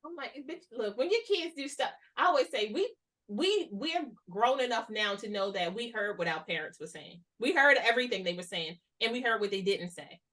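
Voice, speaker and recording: A woman hosting a casual conversation, talking in an animated, slangy way and acting out the voices she quotes. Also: mid-range voice, a little fast. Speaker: host.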